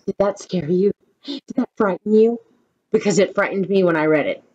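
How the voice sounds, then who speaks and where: A woman reading a children's story aloud, slow and gentle, asking the children questions as she goes. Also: mid-range voice, husky, muffled recording. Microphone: own camera.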